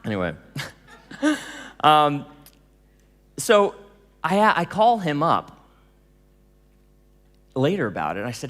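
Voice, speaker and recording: A man giving a storytelling talk to an audience, animated, laughing often and acting out dialogue. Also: a little high, slow, long pauses, big-room sound. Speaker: speaker telling stories to an audience.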